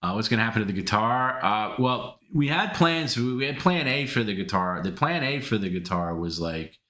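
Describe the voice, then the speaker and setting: A man's voice: fairly low pitch, lively intonation, fairly quick, pushed and bright, echoey room. A man hosting a live stream, casually answering viewer comments in a rambling way with many restarts.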